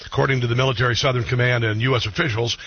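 A man's voice: medium pitch, steady tone, rapid-fire, breathy edge, dry recording, muffled recording. A man hosting political talk radio, blunt and opinionated, with frequent ums and restarts.

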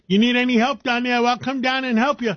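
A man's voice: very high voice, flat delivery, a little fast, highs cut off. A man hosting a talk radio show, effusive and conversational.

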